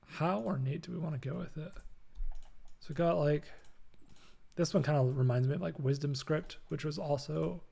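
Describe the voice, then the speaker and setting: A young man hosts a casual live design stream from his apartment, chatting loosely and filling gaps with lots of fillers. His voice sits a bit high but sounds mellow and dark, with plenty of gravelly fry. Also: normal speed. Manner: loose and chatty, many fillers, reads chat aloud. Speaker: creative director hosting a design stream. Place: home apartment.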